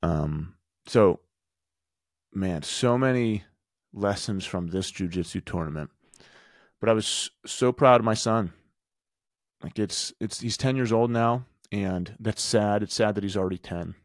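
A man's voice: fairly low pitch, a little slow, pauses often, dry recording, studio quality. A man in his thirties hosting a podcast, telling a personal story in an earnest, conversational way and driving home lessons with rhetorical questions. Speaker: podcast host and men's group coach. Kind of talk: motivational storytelling monologue.

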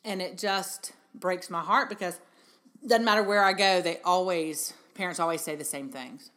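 A woman's voice: on the low side, moderate pace, fairly bright tone. A middle-aged woman hosting a motivational parenting talk, earnest and encouraging, asking many rhetorical questions. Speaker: podcast host and parenting speaker. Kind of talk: heartfelt motivational talk to mothers.

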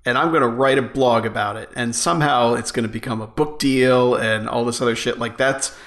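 A man's voice: mid-range voice, fairly even intonation, a little fast, fairly bright tone. A man co-hosting a podcast in casual chat, making wry, dry asides. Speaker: podcast co-host. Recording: roomy echo.

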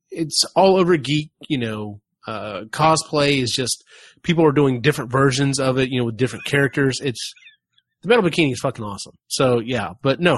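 A man's voice: medium pitch, fairly bright tone, dry recording. A man in his middle register hosting a casual podcast, rambling and restarting his sentences. The sound is dry and close, with no room around it. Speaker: podcast host. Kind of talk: casual chat.

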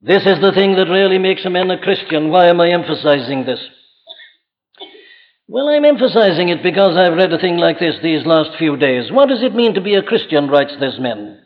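Male preacher, fairly high voice, insistent rhetorical delivery, muffled archival church recording. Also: sing-song, moderate pace, long reverb tail. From Wales. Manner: earnest, insistent, rhetorical questions. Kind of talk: evening sermon.

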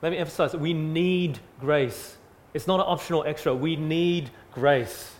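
A man preaching a sermon, earnest and emphatic, repeating phrases and swinging from loud to soft. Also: a little high, normal speed. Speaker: pastor.

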